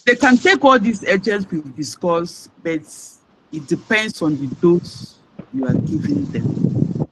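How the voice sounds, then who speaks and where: A man lecturing on respiratory pharmacology, in a halting way with restarts and key words stressed. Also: high voice, very animated, gravelly, bright, forceful tone, slight background noise, low-quality recording.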